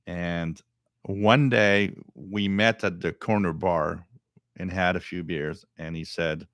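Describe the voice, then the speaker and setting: A middle-aged man with a deep voice hosting a radio live stream, chatting casually and reading viewer comments, rambling and repeating words. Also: steady tone, slow, fairly bright tone, no room sound, studio quality.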